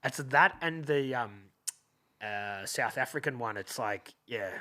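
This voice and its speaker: A man hosting a podcast, asking questions in a halting, casual way with many restarts. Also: mid-range voice, lively intonation, sharp tone. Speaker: podcast host. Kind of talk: casual interview chat.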